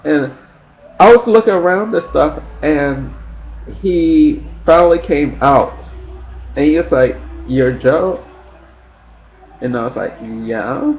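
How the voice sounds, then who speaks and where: A man telling a personal story in a casual, rambling way, acting out friends' lines in shrill high voices. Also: lively intonation, takes it slowly, long pauses. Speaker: vlogger. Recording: dull lo-fi sound with faint background noise.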